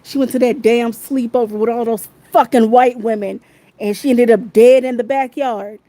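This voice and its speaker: A woman's voice: fairly high pitch, fairly even intonation, normal speed, mellow, low-quality recording. A woman in a heated, profane livestream rant, repeating her phrases over and over, talking into her phone.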